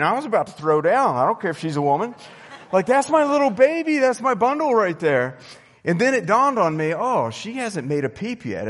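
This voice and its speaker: A young adult man preaching a sermon as pastor, telling stories with animated bursts of excitement. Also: a little high. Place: church sanctuary. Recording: long reverb of a church hall.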